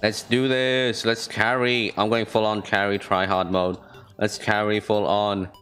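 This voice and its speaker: A young man streaming a video game, commenting excitedly, trash-talking and repeating phrases. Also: lowish voice, measured pace, soft background music.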